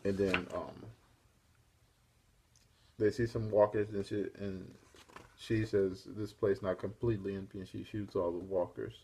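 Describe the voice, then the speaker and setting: A man's voice: fairly low pitch, little pitch movement, a little slow, long pauses, a little mellow, a little hiss or hum. A man casually retelling a comic issue for his own review show, in a rambling, laid-back way. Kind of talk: casual spoken comic recap.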